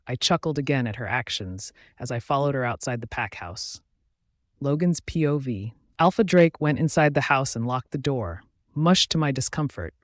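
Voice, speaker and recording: A man's voice: medium pitch, no echo. Man narrating an audiobook, dry close sound.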